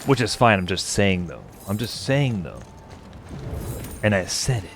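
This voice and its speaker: A gaming streamer plays a co-op game over music, chatting casually and rambling to his co-player. His fairly low voice swings widely in pitch, and he speaks at a measured pace.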